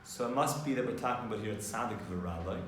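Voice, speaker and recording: A man's voice: lowish voice, fast, a little hiss or hum. Male teacher in an echoing room. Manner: lively, explanatory, mixing in Hebrew terms. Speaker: Torah teacher. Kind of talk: informal class lecture. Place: classroom. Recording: echoey room, distant mic, faint ambience.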